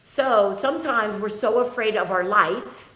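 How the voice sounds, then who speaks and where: A woman's voice: medium pitch, measured pace, a bit bright, roomy sound, rough recording. A woman spiritual teacher hosting an online class, talking in a candid, chatty way. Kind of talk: casual live class talk.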